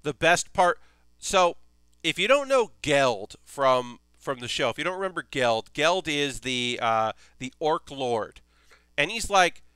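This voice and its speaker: A man chats on a live stream as he builds a model kit, rambling eagerly and cursing now and then. His voice is bright and very clear, caught dry and close on the mic. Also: a little high, very animated, a little slow, no room sound. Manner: rambling and enthusiastic, swears freely. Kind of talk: casual live-stream chat.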